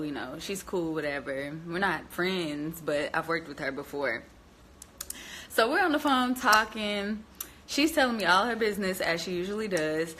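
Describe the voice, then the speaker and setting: A young woman with a bright, forward voice talks straight into her phone on a live stream. She tells a story to her viewers in a lively, chatty way and laughs often, calling them y'all. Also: on the low side, a little hiss or hum. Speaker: vlogger hosting a journaling live stream.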